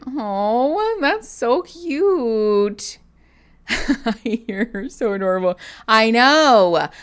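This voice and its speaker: A woman in her thirties hosting a casual livestream as a therapist, chatting and rambling with frequent laughs. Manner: chatty and rambling, laughs often, coos at her cat in a high baby voice.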